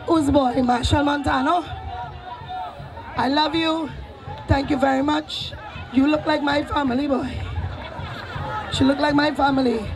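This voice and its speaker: A woman's voice: high voice, fairly even intonation, measured pace, long pauses. A woman performer bantering and teasing the audience from a live stage. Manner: teasing, playful crowd banter. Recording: live event with music and crowd.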